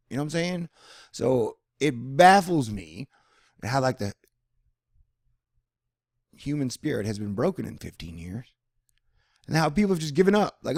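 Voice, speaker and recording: Gravelly man rambling to camera. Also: a little high, normal speed, long pauses, no echo, studio quality. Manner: rambling, animated, slips into mock voices. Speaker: vlogger. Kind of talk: rambling personal monologue.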